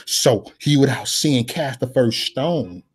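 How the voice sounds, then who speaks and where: A man's voice: medium pitch, expressive, slow, breathy edge. A man in his forties with a Chicago accent preaches in raw, unpolished street slang. He repeats his phrases for emphasis and talks straight to his viewers. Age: 40s. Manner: repetitive, emphatic, conversational.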